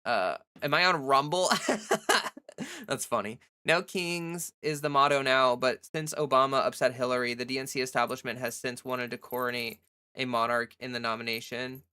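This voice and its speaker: A woman's voice: very deep voice, moderate pace, bright, forceful tone, clear, resonant tone. A woman hosting a casual livestream from home, chatting loosely with many "like" fillers and answering viewers' chat. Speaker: livestream host.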